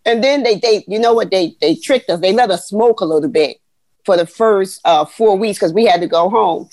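A woman, telling animated, folksy stories as an interview guest. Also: medium pitch, normal speed, no room sound. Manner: animated, folksy, addresses listeners as y'all. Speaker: guest, retired Army veteran. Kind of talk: storytelling interview.

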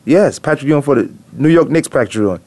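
A man hosting a casual sports talk show, emphatic and teasing, dropping low for asides. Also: lively intonation, fast talker, a little mellow.

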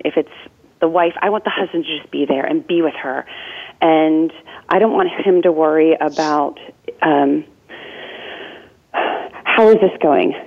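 Earnest woman on a tinny phone line. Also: lowish voice. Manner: earnest, chatty, with many "like"s. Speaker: death doula and nurse. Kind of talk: conversational interview answers.

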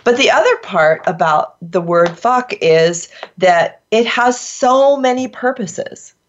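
A woman hosts a casual podcast in a middle-pitched voice, playful and emphatic, quick to laugh. The recording sounds dull and lo-fi. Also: lively intonation. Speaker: host.

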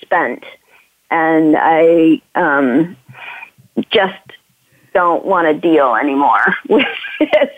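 A woman taking part in a coaching session, speaking in a halting, hesitant and emotionally raw way over a tinny phone line. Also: low-pitched, lively intonation, no echo. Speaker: session participant.

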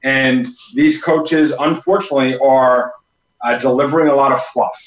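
A man, a guest on a talk show, speaking haltingly with many repeated words from the back of the studio. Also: mid-range voice, fairly even intonation, roomy sound, recorded from a distance, highs cut off. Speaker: business partner guest.

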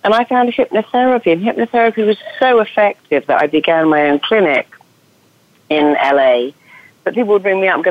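A woman's voice: sits low, fairly quick, phone-quality sound. A woman with an English accent, a guest therapist telling her story in an enthusiastic, chatty way. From England. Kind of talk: podcast interview.

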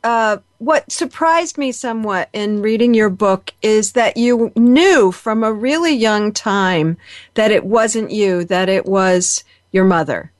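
A woman hosting a radio interview, soft-spoken and affirming, reading show announcements. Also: mid-range voice, slow pace, no echo, clean studio sound.

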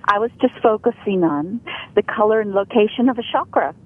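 A woman's voice: mid-range voice, expressive, fairly quick, breathy edge. A woman who is a guest on a radio show, talking earnestly and coaching the listener about the voice. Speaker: guest, sound healer. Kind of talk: radio interview over the phone. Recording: tinny phone line.

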